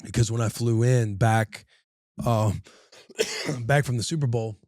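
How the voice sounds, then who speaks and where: Energetic slangy man telling a story. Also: medium pitch, unhurried, dry recording, studio quality. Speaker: podcast co-host. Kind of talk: casual chat.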